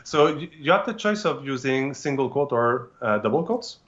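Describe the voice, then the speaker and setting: A man's voice: mid-range voice, lively intonation, normal speed, fairly bright tone, muffled recording, slight background noise. A man whose first language is French, presenting a live technical demo with many fillers and restarts.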